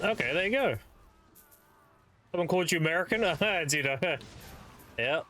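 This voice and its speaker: A British man with a British accent chats casually while streaming a game, joking and swearing with his viewers. His voice sits fairly high and bright, with faint noise behind it. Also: animated, normal speed. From Britain. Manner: joking, profane, banters with chat. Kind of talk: casual chat while gaming.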